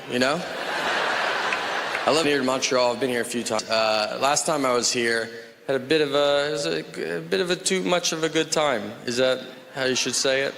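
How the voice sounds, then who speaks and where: A man performing a stand-up comedy set, telling stories in a laid-back deadpan way before a live audience. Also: mid-range voice, fairly quick, vocal fry, noisy background.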